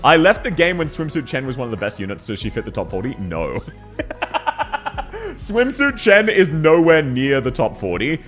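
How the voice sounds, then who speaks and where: A man's voice: mid-range voice, fairly bright tone. A man chatting casually on a live stream, laughing often and answering his chat. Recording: faint music behind.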